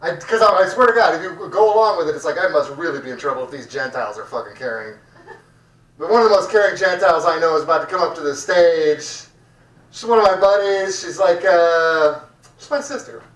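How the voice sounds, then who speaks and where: In the echoey back room of a restaurant, with the mic sounding distant, a comedy show host rambles crudely and trades jokes with the audience. His voice is a little high, expressive and a bit bright, and he talks a little fast.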